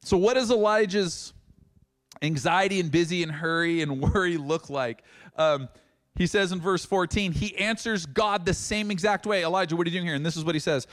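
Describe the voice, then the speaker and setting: A man preaching a sermon as pastor, reading scripture and acting out dialogue with animated emphasis. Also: high-pitched, moderate pace.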